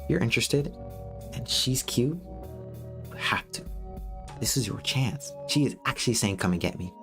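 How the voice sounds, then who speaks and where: Blunt, animated American man lecturing. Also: medium pitch, moderate pace, over music. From United States. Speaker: streamer giving dating advice. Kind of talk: casual livestream monologue.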